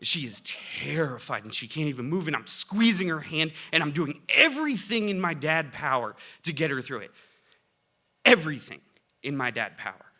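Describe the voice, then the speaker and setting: Bright-voiced dad telling a comic story. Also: male voice, a little high, normal speed, hardly any pauses. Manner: animated, comic, bursts of loud excitement. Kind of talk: live storytelling on stage. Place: stage before a live audience.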